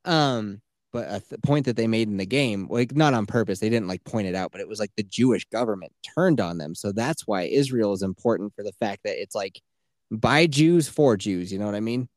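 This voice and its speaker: A man's voice: on the low side, lively intonation, fairly quick, dry recording, studio quality. A man co-hosting a podcast, telling stories in a loose, profane way and slipping into quoted voices. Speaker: podcast co-host. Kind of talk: casual chat.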